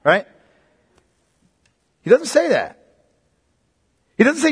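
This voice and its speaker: Husky high-voiced man preaching. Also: very animated, measured pace, pauses often. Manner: emphatic, with frequent rhetorical questions. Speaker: pastor. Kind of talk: sermon. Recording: long reverb of a large hall.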